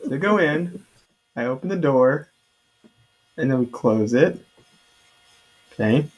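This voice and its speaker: A man takes his turn in a tabletop game with a mid-pitched voice. He stumbles and hesitates, filling the gaps with ums and uhs as he tries to speak formally. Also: animated, background noise. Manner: halting, hesitant, full of fillers. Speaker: player. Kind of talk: casual tabletop role-play.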